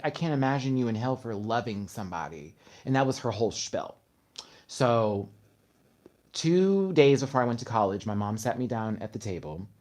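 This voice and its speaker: A man hosting a casual livestream, telling stories with energy and acting out other people's words. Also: fairly low pitch. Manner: animated storytelling, acting out his mother's words. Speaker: host.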